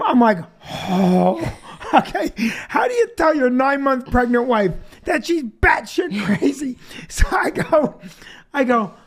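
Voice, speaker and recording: A man's voice: very high voice, sing-song, unhurried. A man telling a comic story as host of a live show, laughing through his own jokes. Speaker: comedian host. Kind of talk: comedic storytelling.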